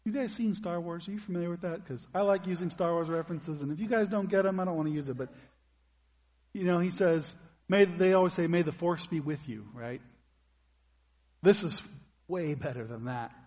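A man's voice: on the high side, brisk, darkish tone, long reverb tail. A man preaching a sermon as pastor, in a conversational way that puts questions to his congregation.

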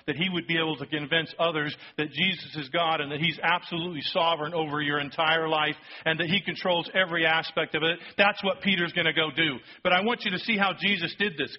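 A man preaching a sermon, telling a story with lively acted-out quotes and sudden drops to a hushed voice for emphasis. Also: on the high side, quick pace, hardly any pauses, dull audio. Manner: animated storytelling, acting out quotes, dropping to a hush for emphasis. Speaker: pastor.

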